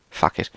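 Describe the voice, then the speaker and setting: A British man hosting a solo podcast, rambling casually and theatrically, swearing often. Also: sharp tone. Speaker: podcast host.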